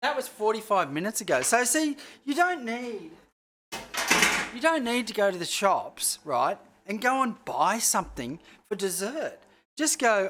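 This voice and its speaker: Chef host, casual livestream cooking chat, rambling, a bit sweary, middle-pitched voice. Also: big pitch swings, a little slow, a bit bright, a little hiss or hum. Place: home kitchen.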